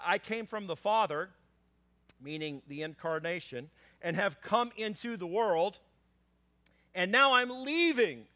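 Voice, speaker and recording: A man preaching a sermon as pastor, conversational and animated, with frequent fillers and acted-out lines for scripture characters. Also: high voice. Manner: acts out scripture characters in a raised voice.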